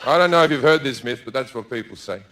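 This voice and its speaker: With a medium-pitched, animated voice that is fast and a bit bright, a middle-aged comedian tells a crude story bluntly and swears a lot. He performs stand-up with a handheld mic on a club stage before a live audience.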